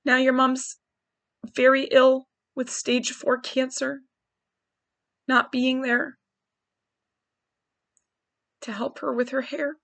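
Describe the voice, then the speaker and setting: A woman's voice: high-pitched, flat delivery, slow pace, vocal fry, pauses often, fairly bright tone, no echo. A woman in her forties hosting a podcast, candidly thinking aloud in a searching, wry monologue. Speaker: podcast host. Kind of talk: personal reflective monologue.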